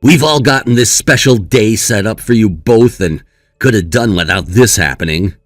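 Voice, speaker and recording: A man's voice: on the low side, moderate pace, no echo, close to an everyday voice. A man playing a young brother who comforts his sister in a reassuring, sympathetic way. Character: caring young brother, supportive and indignant.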